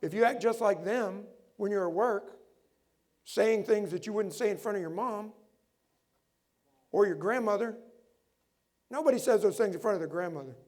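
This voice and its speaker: A middle-aged pastor delivers an animated sermon in a fairly high voice. He keeps firing rhetorical questions at his listeners as he preaches. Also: moderate pace, long pauses.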